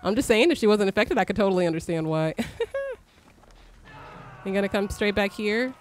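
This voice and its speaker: A young woman streamer giving live gameplay commentary, excitable, swearing and shrieking when startled. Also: medium pitch, fairly quick.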